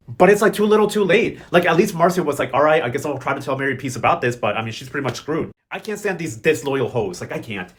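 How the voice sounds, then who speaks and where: Man, sassy recap host, slangy, rapid talk, somewhat high voice. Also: fairly bright tone. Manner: sassy, slangy, mocking quoted characters. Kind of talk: casual recap commentary.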